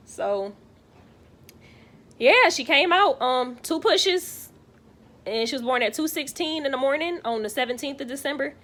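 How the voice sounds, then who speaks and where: A woman's voice: high-pitched, expressive, normal speed, pushed and bright. Candid young woman telling a birth story. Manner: candid, swears freely, many fillers. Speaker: vlogger. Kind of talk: casual storytime.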